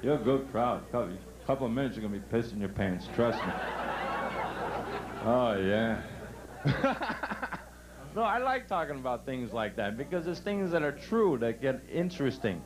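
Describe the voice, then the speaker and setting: A man doing a brash, punchy stand-up comedy set at a resort club, telling jokes and bursting into loud outbursts. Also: mid-range voice, sing-song, moderate pace, noisy background. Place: resort club stage before a live audience.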